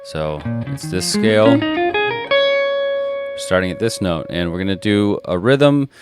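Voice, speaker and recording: A man's voice: fairly low pitch, expressive, unhurried. A man teaching a guitar lesson, patiently explaining and counting rhythms aloud as he plays. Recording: loud guitar playing behind the voice.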